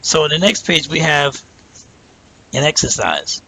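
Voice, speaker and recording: Bright-voiced man teaching a slow lesson. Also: on the high side, sing-song, vocal fry, a little hiss or hum, poor audio. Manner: explains step by step, drawing out example words slowly and checking in with "right?". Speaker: language teacher. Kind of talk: patient spoken lesson.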